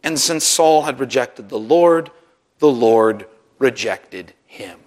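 A man preaching a sermon to his congregation, animated, often rising sharply in pitch and loudness to stress a point. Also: slow. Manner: animated preaching, voices Bible figures with sarcasm; rises sharply in pitch and volume for emphasis. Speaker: pastor.

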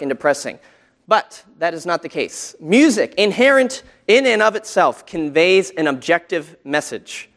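A man's voice: high-pitched, a bit bright. A man teaching a church class about hymn tunes, talking casually, with fillers, and humming short melody examples.

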